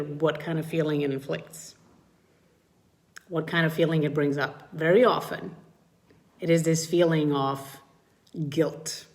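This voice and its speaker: A middle-aged woman with a low-sitting voice speaks to viewers in a live-streamed coaching talk aimed at mothers. Her delivery turns animated and swooping when she acts out feelings.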